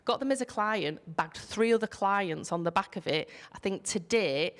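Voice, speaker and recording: A woman with a Yorkshire accent, a panel guest and business founder, telling a lively anecdote, acting out quotes and swearing casually. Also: medium pitch, normal speed. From Yorkshire, England.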